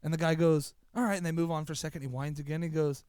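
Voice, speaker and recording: Male podcast co-host, raised pitch, loose rambling delivery, dry studio. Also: little pitch movement, racing, darkish tone, clear, resonant tone, no echo. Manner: rambling, stop-start storyteller. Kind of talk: casual chat.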